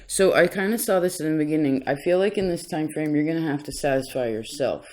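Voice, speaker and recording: Casting: man, somewhat high voice, loose conversational tarot reader who wanders off on tangents. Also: fast talker, slight background noise. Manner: rambling, chatty, self-interrupting. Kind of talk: casual tarot reading.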